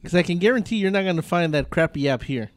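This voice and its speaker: High, lively wisecracking man. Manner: wisecracking, quick jabs. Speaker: radio show co-host. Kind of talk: comedic banter.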